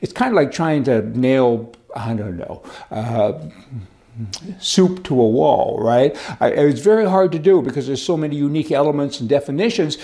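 A man's voice: a little high, lively intonation, normal speed, mellow. An older man giving rambling, folksy political commentary as host, with chuckling asides.

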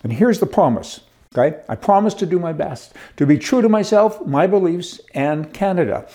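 A man's voice: high voice, lively intonation, moderate pace, dark tone. A man hosting an opinionated monologue, rambling and scornful, with chuckles and restarts. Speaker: commentary show host.

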